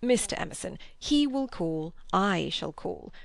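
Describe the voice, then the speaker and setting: A woman voicing a genial, talkative middle-aged clergyman in an audiobook, with a gravelly edge. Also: fairly low pitch, lively intonation, measured pace, no room sound, studio quality. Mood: amused. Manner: amused, talkative.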